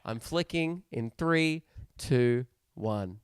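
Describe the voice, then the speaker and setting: Smooth-voiced Australian man, chatty podcaster. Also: mid-range voice, expressive, no room sound, studio quality. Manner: chatty, joking, brisk self-promotion. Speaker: podcast co-host, touring comedian. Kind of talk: casual podcast chat.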